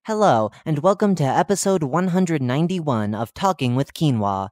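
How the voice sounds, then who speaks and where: A cheerful, oblivious male radio host, put on by a horror-story narrator, rattling off chatty broadcast patter with deadpan dark jokes. His voice sits in an ordinary middle pitch. It is recorded close and dry, with no room sound. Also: normal speed, no room sound, close to an everyday voice. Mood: chipper. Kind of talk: horror fiction reading.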